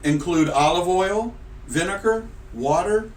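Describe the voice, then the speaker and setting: Lively guy hosting a loose chat show, slightly high voice, kinda far from the mic in an echoey room. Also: slight background noise. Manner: playful, teasing, spells words out slowly. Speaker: host. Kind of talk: casual chat. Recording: roomy echo, from the mic.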